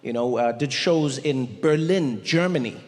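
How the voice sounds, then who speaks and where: A man doing stand-up comedy, an animated storyteller who jumps into voices and repeats words for emphasis. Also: medium pitch, unhurried. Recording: long reverb of a large venue, faint ambience.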